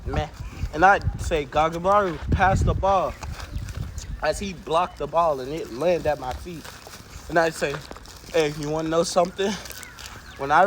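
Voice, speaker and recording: A man's voice: a little high, a bit bright, a little hiss or hum. A man improvising a what-if story in casual chat, trading playful trash talk and swearing freely. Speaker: co-host.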